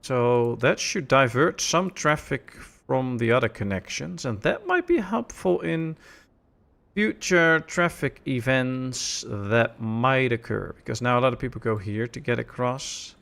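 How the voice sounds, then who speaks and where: A man casually commenting while he plays a city-building game on a live stream, relaxed and chatty, answering chat as he goes. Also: mid-range voice, a little slow, creaky.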